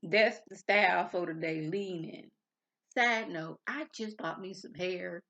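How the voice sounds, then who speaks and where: A woman's voice: mid-range voice, vocal fry, a bit bright. A woman in her thirties giving a casual, chatty review of a reality TV episode, rambling off on tangents as she talks. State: a bit irritable before coffee. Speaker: reality TV recap vlogger. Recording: dull lo-fi sound.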